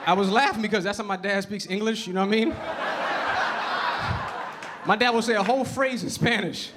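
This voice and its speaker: His voice sits high and steady and moves a little fast as this man from the Bronx, New York works a noisy comedy club with a conversational stand-up routine. He keeps asking "you know what I mean," and the audience laughs throughout.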